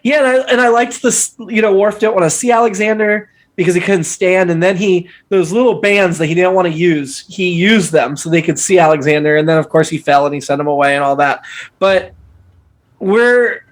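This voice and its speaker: A man's voice: sits high, moderate pace. A man co-hosting a casual podcast discussion, talking animatedly and arguing his point firmly. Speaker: podcast co-host.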